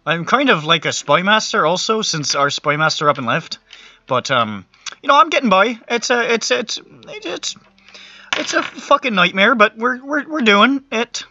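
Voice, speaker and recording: Man playing a flustered court wizard, stammering, high and lively pitch, lo-fi. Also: moderate pace, full character voice.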